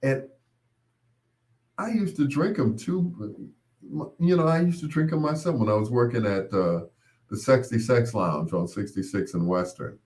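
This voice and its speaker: A man hosting his own show, telling rambling casual stories with laughs and quick mimicked voices of others. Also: mid-range voice, animated, darkish tone. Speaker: podcast host. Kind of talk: casual storytelling monologue.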